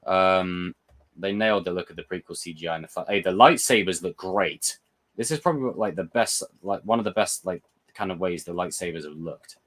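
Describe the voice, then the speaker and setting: A young man hosting a live chat, excitable and swearing, answering viewer comments. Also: deep voice, fairly quick. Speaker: livestream host reviewing a TV episode. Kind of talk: casual live reaction chat.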